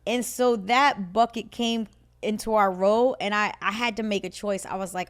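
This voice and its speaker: A woman's voice: mid-range voice, moderate pace. A woman co-hosting a podcast, telling a personal story in casual chat, laughing often and acting out what she and others said. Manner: animated storyteller, laughs often, acts out her own quotes. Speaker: podcast co-host.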